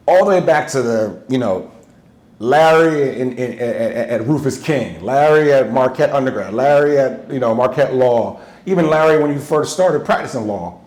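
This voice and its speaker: A man's voice: mid-range voice, animated, normal speed, darkish tone. An enthusiastic man hosts an interview podcast, hyping his guest and cheering him on. His voice sits in a middle register. The room around him adds a noticeable echo. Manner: effusive, hypes the guest. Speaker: podcast host.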